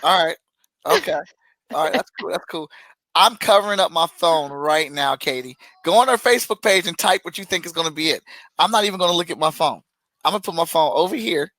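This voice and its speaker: A man talks bluntly and jokingly as a podcast co-host, and his voice jumps up when he gets worked up. His voice is bright and forceful. The sound is dry and close. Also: on the high side, fairly quick, no room sound, low-quality recording. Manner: animated, blunt, jokey. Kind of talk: casual chat.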